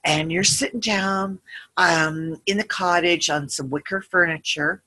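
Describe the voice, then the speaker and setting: A woman leading a guided visualization with casual asides, speaking in a gentle, meandering, soothing way. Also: fairly low pitch, husky. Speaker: meditation guide.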